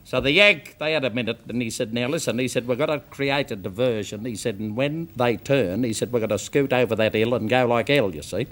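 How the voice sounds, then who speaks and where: An Australian comedian telling a joke on a live show, peppering it with "you see". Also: male voice, mid-range voice, brisk, hardly any pauses, fairly bright tone. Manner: chatty yarn-spinner, uses "you see". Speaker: comedian guest. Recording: live studio audience behind.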